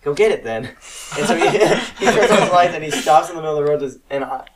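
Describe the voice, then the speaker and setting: A young man co-hosting a podcast rambles through stories in casual chat, swearing freely and acting out what people said. His voice sits on the high side and moves a little fast. The mic is distant, a loud crowd fills the background, and the audio is poor.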